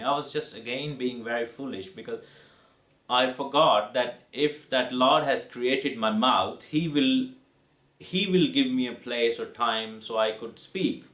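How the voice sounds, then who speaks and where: A male pastor tells his faith testimony with fervent emotion and many restarts. His voice sits at an ordinary middle pitch. The recording has a noticeable roomy echo. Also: measured pace, fairly bright tone. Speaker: pastor and evangelist.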